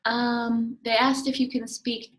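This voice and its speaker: A young woman with a fairly high voice reads out audience questions. She speaks softly and tentatively. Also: flat delivery, takes it slowly, poor audio. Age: young adult. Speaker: moderator.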